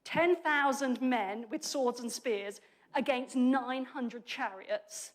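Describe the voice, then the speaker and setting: A woman delivering a sermon with a high-pitched voice. Her talk is lively and conversational, laced with humor, and she often breaks off mid-phrase to restart and correct herself. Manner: lively, chatty and humorous, with quick self-corrections. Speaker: preacher.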